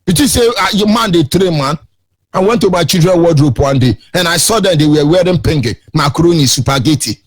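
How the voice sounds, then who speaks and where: A middle-aged Nigerian-accented man holds forth as a radio host, preaching his points with emphatic, sing-song rises. His voice sits high and swings widely in pitch, with a husky edge. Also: animated, brisk.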